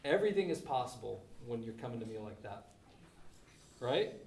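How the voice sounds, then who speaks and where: A man's voice: medium pitch, sing-song, normal speed, gravelly, darkish tone, roomy sound, distant mic, slight background noise. A male pastor preaching a sermon in an emphatic, conversational way, full of rhetorical questions.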